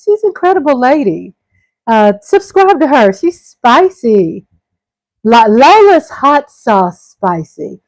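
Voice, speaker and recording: A woman's voice: a little high, darkish tone, dry recording, low-quality recording. A middle-aged woman hosting a casual live stream. She reads out viewer comments and chats back to them, calling her viewers y'all and breaking into exclamations.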